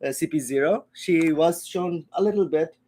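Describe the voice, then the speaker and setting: Male streamer host, slightly high pitch, patient and chatty, occasional cough. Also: moderate pace, dark tone, slight background noise. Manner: explains patiently, many restarts. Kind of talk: casual chat on a livestream.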